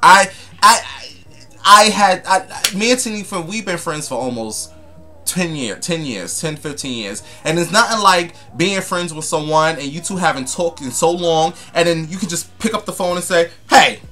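A man's voice: a little high, lively intonation, normal speed, pushed and bright, soft background music. A young man vlogging in a casual chat to camera, sassy and flamboyant, calling viewers honey and darling with dramatic, gossipy asides.

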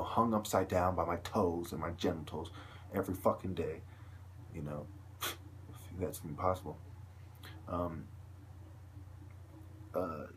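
A man's voice: deep voice, slight background noise. A man delivering a long, agitated, profane vlog monologue to camera, peppered with "you know.". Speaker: video blogger.

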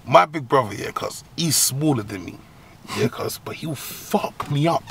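A man giving comic advice as a host, in a profane, slang-heavy rant full of laughs and sudden high squeals. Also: animated, unhurried, gravelly, heavy background noise. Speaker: agony-uncle comedy host.

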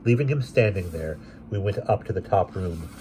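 A man narrating a classic novel aloud in a steady, expressive way. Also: low voice, moderate pace, slight background noise. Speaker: audiobook reader.

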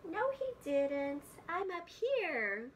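A woman voicing an excited little baby bird girl in a storybook reading, squeaky and eager. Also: takes it slowly, gravelly, muffled recording, a little hiss or hum, full character voice.

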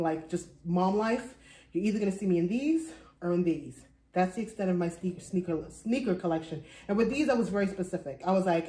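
A woman's voice: medium pitch, a little mellow. A woman in her thirties chatting casually to camera about her thrift finds, rambling and laughing often. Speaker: vlogger showing a thrift haul. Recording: echoey room.

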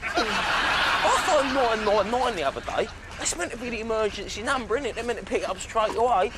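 A man's voice: high voice, expressive, moderate pace. An actor playing a brash young lad and new dad in a comedy sketch, bragging and laughing at his own jokes. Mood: boastful. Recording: noisy sketch show audio.

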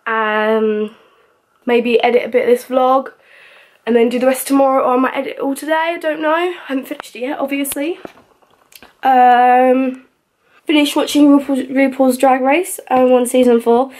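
A young woman chatting away to her handheld camera in a small bedroom, a touch out of breath. Her voice sits slightly high, and she rattles along quickly in a loose, rambling vlog manner. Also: steady tone, a little mellow. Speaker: vlogger. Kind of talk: casual vlog chat.

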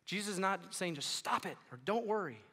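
A man preaching a sermon as pastor, lively and animated, acting out worried listeners and quoting scripture. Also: high-pitched, fairly quick, breathy edge. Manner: animated, acts out worried listeners and quotes with rising volume. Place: church sanctuary. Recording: long hall reverb of a church.

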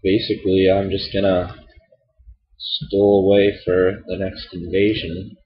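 A man's voice: sits low, monotone, measured pace. A man hosting a game let's play, stuffed up and nasal, rambling and apologetic with a wry edge. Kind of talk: casual game commentary. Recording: dull lo-fi home mic.

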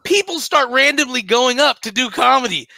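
A man's voice: extremely high pitch, lively intonation, normal speed, creaky, sharp tone. A man, a comedian guest, chatting casually on radio and acting out voices as he tells stories. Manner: storyteller who acts out voices.

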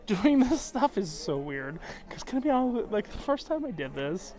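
A man's voice: sits high, sing-song, moderate pace, darkish tone, faint music behind. A drunk man vlogging aboard a cruise ship, rambling emotionally and swearing often. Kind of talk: casual vlog monologue.

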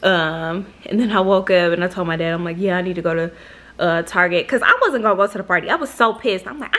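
A woman's voice: lowish voice, quick pace, a bit bright. Young woman, casual storytime vlog, chatty, swears freely, acts out quotes, from Michigan. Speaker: vlogger.

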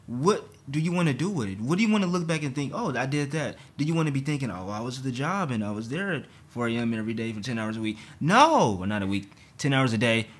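A young man vlogging a frustrated, animated rant about his job, stumbling and restarting as he talks. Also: medium pitch, breathy edge. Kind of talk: ranting to camera.

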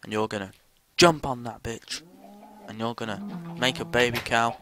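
A man's voice: medium pitch, normal speed, bright, forceful tone. A young man swearing his way through casual gameplay commentary, jumpy and given to sudden screams.

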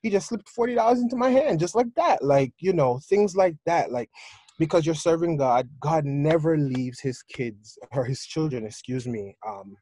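Enthusiastic young man testifying, mellow voice. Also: on the high side, expressive, moderate pace, no room sound. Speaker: youth leader. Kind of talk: answering interview questions.

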